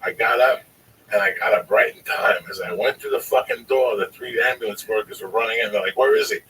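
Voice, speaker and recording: A man telling a long, profane, animated story on a podcast, often calling his listener by name. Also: lowish voice, a little fast, far from the mic, slight background noise, poor audio. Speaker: storyteller guest.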